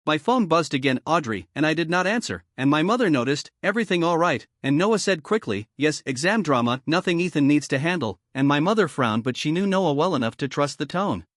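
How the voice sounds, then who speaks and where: A man reading a scripted first-person drama story as narrator, in a steady, even delivery. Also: on the high side, brisk, hardly any pauses, no echo, clean studio sound.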